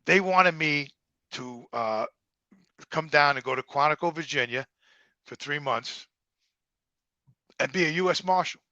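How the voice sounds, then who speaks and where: A middle-aged man with a New Jersey accent, telling profane, animated stories in a casual interview and acting out the dialogue. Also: on the high side, a little slow, long pauses, dry recording, lo-fi sound. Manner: profane, animated storyteller who acts out quoted dialogue. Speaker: guest.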